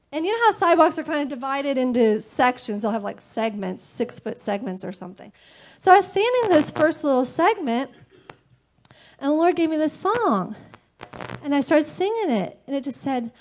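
A woman with a bright, high voice tells her story of faith in an earnest, emotional way. She sounds close to tears, and her voice stays open and heartfelt throughout. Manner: emotional and earnest, quick to laugh. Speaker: church member giving a testimony. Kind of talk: personal faith testimony.

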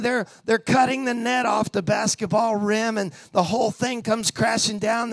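A man's voice: sits high, no echo. A man preaching a sermon in a conversational storytelling way, drawing the congregation in with questions and call-and-response.

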